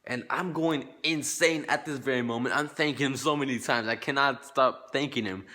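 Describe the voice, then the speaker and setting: A man's voice: mid-range voice, moderate pace, pushed and bright. A man telling a personal story to his vlog viewers in a rambling, repetitive way, full of casual slang and quoted back-and-forth. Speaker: fan vlogger.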